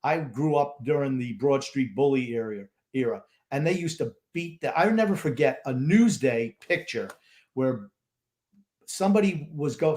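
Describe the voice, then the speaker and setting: A man's voice: fairly high pitch, darkish tone. A man in his fifties co-hosting a sports podcast, grumpy and sarcastic, prone to rants. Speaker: podcast co-host. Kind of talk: casual sports chat.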